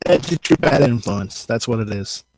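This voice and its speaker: A man's voice: mid-range voice, expressive, normal speed, background noise. A man chatting in an online voice lobby, joking and stumbling over the starts of his sentences. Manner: stammering restarts, joking. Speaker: voice chat participant. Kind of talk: casual chat.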